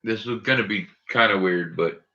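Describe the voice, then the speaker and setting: A man's voice: lowish voice, moderate pace, bright, forceful tone, muffled recording. A man hosting a casual livestream, chatting nervously and jokingly with his viewers. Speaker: livestream host.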